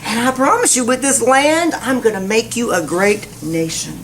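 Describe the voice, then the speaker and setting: A woman preacher voicing God as a kindly, reassuring figure, speaking gently and casually in a sermon. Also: on the high side, normal speed, slight background noise, close to an everyday voice. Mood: promising.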